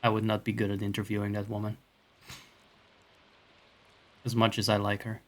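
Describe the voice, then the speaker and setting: A man's voice: on the low side, flat delivery, normal speed, long pauses, a bit bright. A man chats away on a live game stream, cracking jokes at his own expense and swearing freely. His talk is loose and unscripted, and he comments on the game as it happens. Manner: profane, joking, self-mocking. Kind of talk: casual live gaming commentary.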